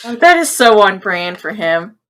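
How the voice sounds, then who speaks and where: A woman's voice: mid-range voice, very animated, unhurried, fairly bright tone, low-quality recording. A woman co-hosting a podcast in casual chat, joking and playful as she wraps up the show. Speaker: podcast co-host.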